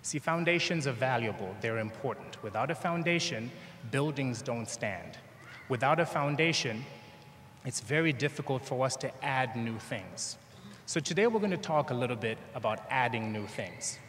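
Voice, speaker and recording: A man's voice: mid-range voice, animated, normal speed, a bit bright. Zambian man speaking in a big echoey hall. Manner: storytelling, acts out dialogue with humor. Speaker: commencement speaker. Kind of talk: motivational speech. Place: large convention hall. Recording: echoey hall, long reverb, faint noise.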